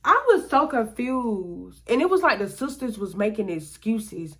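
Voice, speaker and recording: Unhurried and sing-song, with a voice on the high side, a woman vlogger narrates a personal story. She talks in a casual, slangy way and often acts out other people's words.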